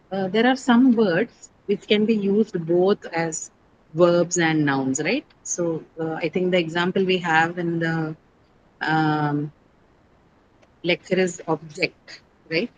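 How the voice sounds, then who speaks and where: A woman's voice: lowish voice, darkish tone, a little hiss or hum, rough recording. Woman teaching an online class. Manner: explanatory, quizzes students, frequent "right?" checks. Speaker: English teacher. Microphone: video call.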